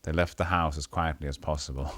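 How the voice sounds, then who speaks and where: A man's voice: rumbling low, a little fast, dry recording. A man streaming a retro role-playing game, chatting casually and reading the game's text aloud, often stumbling and correcting himself. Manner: animated, reads with stumbles and self-corrections. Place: home streaming setup.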